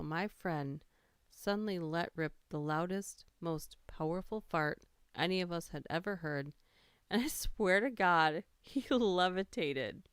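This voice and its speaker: Woman stream host, low-ish smooth voice, casual story reader. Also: dry recording. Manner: reads funny stories aloud, laughs and greets chat. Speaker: livestream host reading stories aloud. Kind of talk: casual livestream storytelling and chat.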